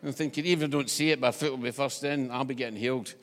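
A Scottish man preaches a sermon in a conversational, animated way and drops in joking asides. His voice sits at a middle pitch, and a long church reverb hangs behind every phrase. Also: rapid-fire.

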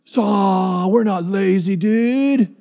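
A preacher voicing a laid-back young surfer dude who drawls and keeps saying "dude". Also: male voice, sits high, slow pace, mellow. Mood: indignant. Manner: drawling, says "dude" constantly.

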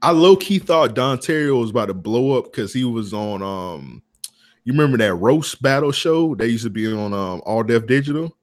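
A man's voice: medium pitch, lively intonation, moderate pace. A man co-hosting a podcast, telling loose slangy stories and laughing often between lines. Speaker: podcast co-host. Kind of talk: casual podcast banter.

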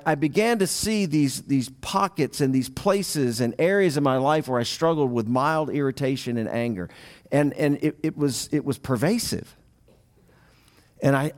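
A man's voice: mid-range voice, a little mellow. Man preaching a conversational sermon. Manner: conversational storytelling with asides to the audience. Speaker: pastor.

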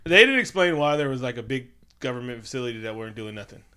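A man co-hosting a casual movie review chat, animated and profane, often slipping into quick impressions. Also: mid-range voice, clear, resonant tone. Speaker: podcast co-host.

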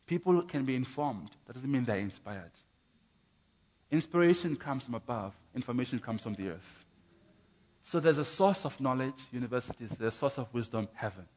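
A man's voice: mid-range voice, animated, moderate pace, a little mellow. A man preaching his testimony in a church, emphatic, with rhythmic contrasts and stammering repeats. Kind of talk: sermon.

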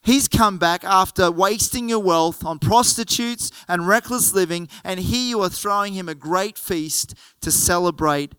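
A man acting out an indignant older brother, a young man who complains in a quick, high voice. His voice is smooth, and the sound is dry and close. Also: bright, forceful tone, no room sound.

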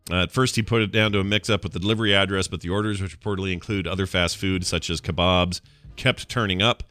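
Podcast host guy, low-ish but bright, really animated, laughs a lot, dry close mic, faint music. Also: quick pace, no echo. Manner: animated, laughs often, reads news stories aloud. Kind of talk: casual podcast banter.

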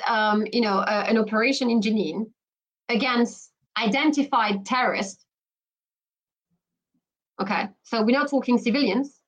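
The audio is poor, but the woman's fairly high voice comes through as she guests on a podcast interview as a commentator. She speaks emphatically, with plenty of restarts and "you know" fillers.

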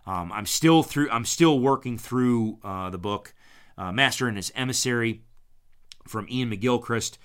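A man's voice: medium pitch, measured pace, clear, resonant tone. A man talking in a casual, rambling monologue, often restarting and repeating words, acting out quoted arguments. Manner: animated when retelling arguments, acting out quotes.

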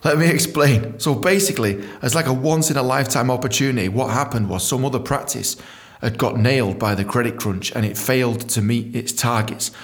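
A man hosting a storytelling podcast, animated, swearing freely and acting out quotes. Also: medium pitch, a little fast. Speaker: podcast host.

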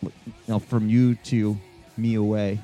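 A man's voice: fairly low pitch, little pitch movement, measured pace, warm tone. A man co-hosting a podcast, rambling through a story in casual chat and laughing easily, with faint rock music playing behind him. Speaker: podcast co-host.

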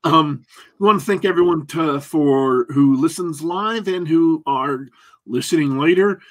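A man's voice: fairly high pitch, measured pace. A man co-hosting a podcast, rambling and joking at his own expense as he signs off the show. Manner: rambling, self-mocking, jokey. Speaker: podcast co-host. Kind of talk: casual podcast sign-off chat.

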